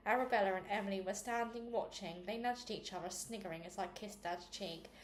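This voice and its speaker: A woman reading a children's novel aloud, with small slips and restarts, raising her pitch for the girls' quoted lines. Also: fairly quick. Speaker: reader. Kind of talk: read-aloud book narration. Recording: echoey room with faint noise.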